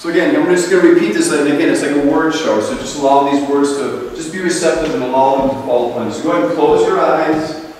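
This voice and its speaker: A man leading a group through a guided healing meditation, speaking gently and slowly, heard from a distance in a large room. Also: fairly high pitch, slight background noise. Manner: gentle, slow, repetitive guidance. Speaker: ceremony leader. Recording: echoey hall, recorded from far off.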